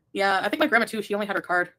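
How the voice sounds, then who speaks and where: A woman's voice: mid-range voice, bright, forceful tone. Rambling woman on a live stream. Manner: rambling, reads chat aloud, laughs often. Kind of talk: casual chat.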